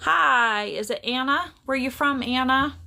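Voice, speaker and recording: A woman's voice: high voice, a little slow, gravelly, sharp tone. Woman, middle-aged, live stream host, casual chatter, phone mic, playful greetings. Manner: chatty, silly, greets viewers repeatedly.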